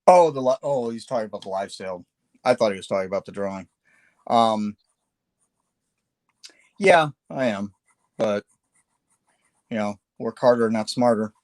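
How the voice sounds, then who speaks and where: A man's voice: on the low side, normal speed, long pauses, darkish tone, no room sound. A man hosting a live painting stream, chatting casually while he sketches, with lots of fillers and self-deprecating asides.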